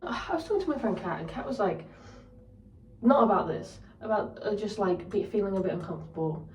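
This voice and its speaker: A woman's voice: mid-range voice, animated, a little fast, darkish tone, slight background noise. Young woman, casual storytelling, sweary rant, candid, roomy echo, slightly distant mic. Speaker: vlogger.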